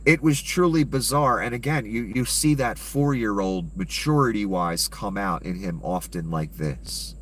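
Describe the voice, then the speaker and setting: A man's voice: fairly low pitch, measured pace, few pauses, slight background noise. A man giving an angry, profane and sarcastic rant of political commentary.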